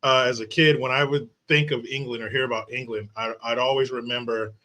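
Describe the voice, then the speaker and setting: A man's voice: mid-range voice, steady tone, a little fast, pushed and bright. A man hosting a casual interview, chatty and meandering as he sets up long questions. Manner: chatty, meandering, many fillers. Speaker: podcast host.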